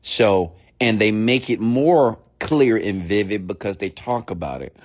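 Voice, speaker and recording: A man's voice: fairly low pitch, lively intonation, a little slow, few pauses. A young man hosting a motivational podcast, speaking in an emphatic, preachy way and repeating his key points for effect. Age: young adult. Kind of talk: motivational monologue.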